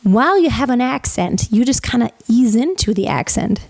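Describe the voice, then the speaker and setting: A woman's voice: a little high, animated, moderate pace, creaky, darkish tone, dry recording. A woman teaching singing, explaining technique and breaking into sung examples with a light, flowing delivery. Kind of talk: vocal lesson with sung demonstrations.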